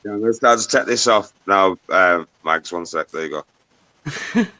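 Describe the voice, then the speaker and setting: A man hosts a livestream and chats casually with his guests. His voice sits fairly low and sounds dry and close. He swears freely and keeps giving shout-outs to viewers by name. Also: measured pace, dry recording. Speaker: livestream host. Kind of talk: casual chat.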